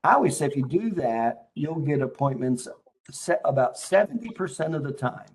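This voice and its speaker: A man's voice: on the high side, animated, normal speed, a little mellow. A man hosting a casual interview, a chiropractic consultant who asks leading questions in a coaching tone.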